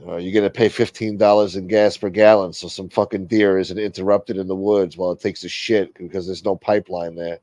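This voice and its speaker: A man's voice: low-pitched, level tone, brisk, hardly any pauses, darkish tone, no echo. A middle-aged man hosting a livestream, rambling and complaining with lots of swearing in casual talk. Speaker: livestream host. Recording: dull lo-fi stream audio.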